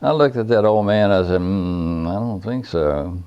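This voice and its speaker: Low and unhurried but animated, his clean-toned voice is captured with lo-fi sound. The veteran caver rambles through his history in a down-to-earth, folksy style.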